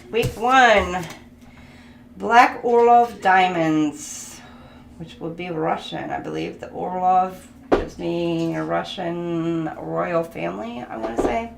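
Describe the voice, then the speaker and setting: Slow, gravelly-voiced woman tarot reader. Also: on the low side. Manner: chatty, laughs, thinks aloud. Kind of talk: casual tarot reading. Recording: echoey room with background noise.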